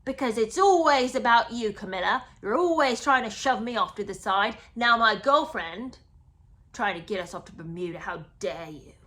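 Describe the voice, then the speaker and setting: A woman mimicking an aggrieved, self-righteous young man who pleads loudly and emphatically. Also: fairly high pitch, expressive, unhurried. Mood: indignant.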